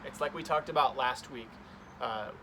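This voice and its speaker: A man's voice: medium pitch, moderate pace, noisy background. Earnest young man giving a youth devotional. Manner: earnest, conversational storytelling. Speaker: youth pastor.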